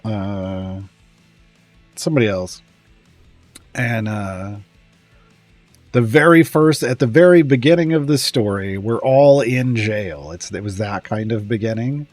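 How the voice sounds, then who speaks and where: A man chatting casually on a live stream, rambling and often trailing off with pauses and small chuckles. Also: on the low side, animated, darkish tone, dry recording, soft background music.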